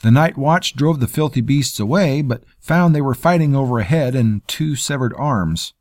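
A man's voice: medium pitch, animated, moderate pace, darkish tone, dry recording, pitched above the performer's own voice, natural voice. A man voicing a common soldier sergeant who speaks with deferential urgency. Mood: urgent.

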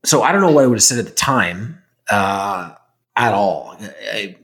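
Candid, rambling man, lowish voice. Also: animated, moderate pace, a bit bright. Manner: rambling, candid, swears casually. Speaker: podcast host, actor. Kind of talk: casual chat answering fan questions.

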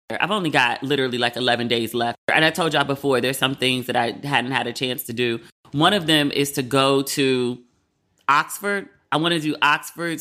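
A woman hosting her own podcast, telling stories in a casual, profane, exasperated way. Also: a bass voice. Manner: animated, profane, exasperated storytelling. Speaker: podcast host. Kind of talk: casual solo podcast monologue.

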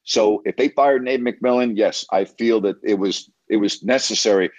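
A man's voice: fairly low pitch, moderate pace, no echo. A man hosting a sports radio show, coaching a caller in an emphatic, repetitive, lecturing way.

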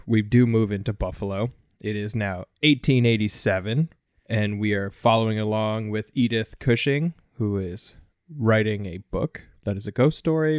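A man's voice: lowish voice, no room sound, clean studio sound. A man hosting a casual film podcast, recapping the plot with light jokes. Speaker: podcast host.

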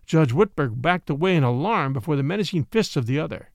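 A man narrating a classic short story with expressive, lively storytelling. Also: on the high side, fairly quick, gravelly, dry recording, clean studio sound. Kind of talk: audiobook narration.

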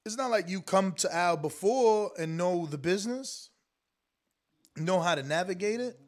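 High-pitched guy w/ ranting to his stream, slangy, emphatic. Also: moderate pace. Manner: animated, slangy, emphatic, talks straight to the audience. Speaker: boxing commentary show host. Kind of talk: casual livestream talk reading super chats.

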